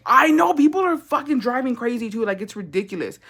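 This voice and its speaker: This young woman from Texas, hosting a livestream indoors, has a fairly high, a bit bright voice and talks fast and animatedly. Her storytime is casual and blunt, with lots of swearing and Spanish phrases dropped in.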